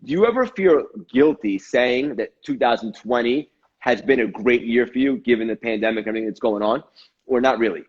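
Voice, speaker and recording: A man's voice: mid-range voice, brisk, breathy edge, dull audio. A man hosting a casual interview, upbeat and full of effusive praise for his guest. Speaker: host.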